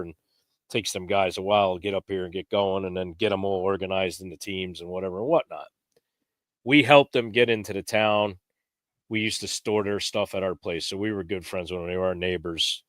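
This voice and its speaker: Man telling a story in a dry room. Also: no room sound. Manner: lively storyteller, jumps pitch when acting out quotes. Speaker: podcast guest. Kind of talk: casual hunting story.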